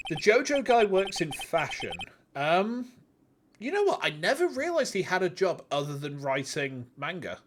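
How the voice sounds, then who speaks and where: A man's voice: high voice, big pitch swings, moderate pace, noisy background. A man in his thirties casually chatting and swearing while streaming a game. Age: 30s. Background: game music.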